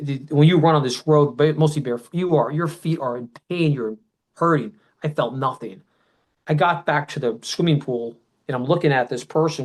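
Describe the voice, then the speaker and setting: A man's voice: mid-range voice, low-quality recording. Middle-aged man telling a rambling personal story. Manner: rambling, with restarts and quoted shouting. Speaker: podcast guest.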